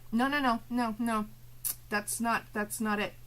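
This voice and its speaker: A woman with a fairly high voice goes off at her chat during a live stream. She is profane and combative, with cutting sarcasm. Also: steady tone, unhurried, fairly bright tone, rough recording.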